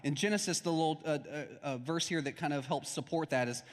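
A man's voice: fairly high pitch, brisk. A young adult man preaching a sermon as a pastor, in a conversational style with stories and acted-out quotes. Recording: long hall reverb.

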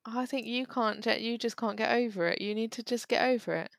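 A young woman, co-hosting a casual chat and gushing enthusiastically, quick to laugh. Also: fairly high pitch, gravelly, no room sound. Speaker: podcast co-host.

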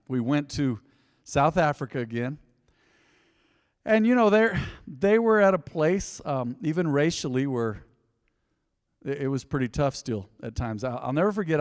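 In a large church hall, a man from the United States delivers a sermon in a slightly high voice. As a pastor, he weaves stories in a conversational style and addresses the congregation directly to draw the crowd in.

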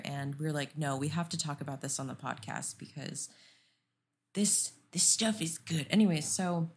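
A young woman co-hosts a late-night podcast, rambling and giggling through a silly conversation. Her voice sits a little low and sounds husky and breathy. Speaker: podcast co-host. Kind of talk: casual chat.

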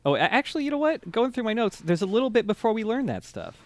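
A man's voice: high voice, sing-song, quick pace, no room sound. A man co-hosting a podcast, recapping an anime episode in casual, rambling chat, laughing and swearing freely. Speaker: podcast co-host.

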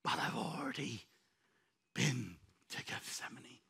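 A preacher voicing Jesus, calm and resolute. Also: male voice, fairly high pitch, takes it slowly, vocal fry, slightly rough, voice pushed down, full character voice. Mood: tender. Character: calm resolute man, Jesus facing betrayal.

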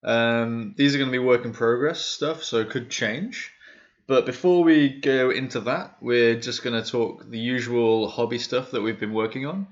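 A man's voice: medium pitch, fairly even intonation, moderate pace. A man hosts a casual hobby podcast in an easygoing voice. He swears freely and laughs easily. The sound is a little dull and lo-fi. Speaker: podcast host. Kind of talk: casual chat.

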